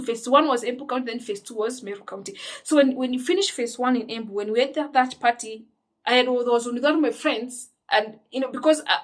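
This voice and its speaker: A young woman with a Kenyan accent telling a personal story in an emphatic, indignant way, often restarting her sentences. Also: fairly high pitch. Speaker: vlogger. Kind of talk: storytime monologue.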